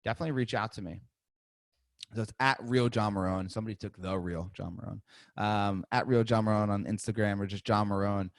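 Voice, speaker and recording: A man hosting a live sales-coaching webinar. He talks in a lively, chatty way, laughs often and acts out sample phone calls and voicemails. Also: lowish voice, a little fast, no echo, clean studio sound.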